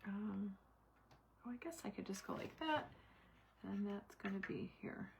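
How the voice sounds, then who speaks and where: A woman's voice: medium pitch, lively intonation, measured pace, gravelly, slight background noise. A middle-aged woman hosting a craft livestream, chatting with viewers by name while she works and muttering to herself as she concentrates. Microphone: camera mic at desk.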